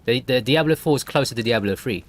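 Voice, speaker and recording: A man's voice: mid-range voice, fast talker, a little hiss or hum. A man chatting casually and joking while streaming a co-op game. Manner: joking, chatty, laughs easily. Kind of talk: casual gameplay chat.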